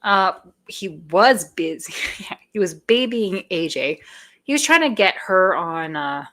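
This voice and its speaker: A woman's voice: mid-range voice, expressive, unhurried, pushed and bright. A woman hosting a casual live stream chat, rambling, swearing and laughing often.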